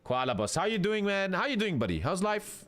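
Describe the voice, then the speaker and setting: A man's voice: sits high, very animated, brisk. A young man streaming a strategy game live from home, crude and hyper as he banters and swears at chat.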